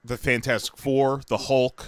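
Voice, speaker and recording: A man's voice: medium pitch, flat delivery, unhurried, smooth. A man co-hosting a podcast in casual chat, bantering and teasing with easy laughs. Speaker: podcast co-host.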